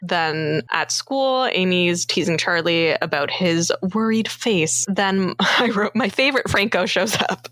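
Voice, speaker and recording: Podcast co-host, woman from Canada, giggly recap chatter, bright and dry sound. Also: on the low side, lively intonation, measured pace, few pauses, no room sound. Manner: giggly, chatty, laughs often. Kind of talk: casual movie recap chat.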